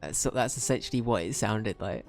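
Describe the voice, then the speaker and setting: A man's voice: lowish voice, moderate pace, soft background music. A man streaming a video game, rambling and joking at his own expense as he plays. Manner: rambling, self-mocking, jokey. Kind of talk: casual gameplay commentary.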